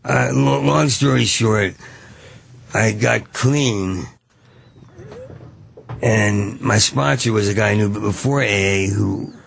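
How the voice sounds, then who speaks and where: A man being interviewed as a comedian guest, telling rambling stories in a rapid, manic way and often stammering and repeating sounds. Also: on the low side, vocal fry, a little hiss or hum. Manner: rapid, manic, free-associating.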